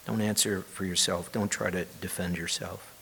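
A man's voice: deep voice, steady tone, normal speed, vocal fry, a bit bright, a little hiss or hum. A man preaching a sermon, reading scripture aloud and explaining it in a conversational way, sometimes asking the listeners questions. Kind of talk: sermon, Bible teaching.

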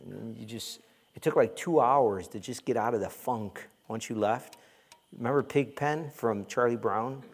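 A man's voice: medium pitch, unhurried. A man preaching a conversational sermon as pastor, joking and mimicking complaining churchgoers.

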